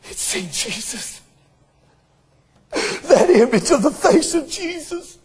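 Male preacher, really high strained voice, slow drawn-out delivery, voice cracking with emotion. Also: very animated, a little mellow. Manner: impassioned, voice breaking with emotion. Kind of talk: sermon.

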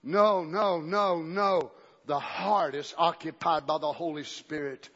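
A male pastor preaching a fervent sermon in a church, swinging between shouting and hushed talk. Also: a little high, slow pace, breathy edge. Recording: dull recording with long hall reverb.

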